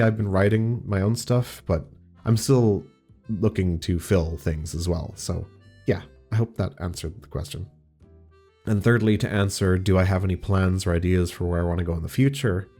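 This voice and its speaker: Young man, deep mellow voice, slightly stuffy, gushing and rambling in a casual Q&A chat. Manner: rambling, excitable, lots of "like". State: slightly congested from allergies. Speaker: audio roleplay creator.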